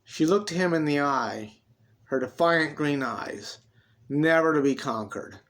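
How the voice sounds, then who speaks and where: Guy reading his story out loud, dramatic, gets loud then real quiet, kinda high voice. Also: slow. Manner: expressive, swings between loud and hushed.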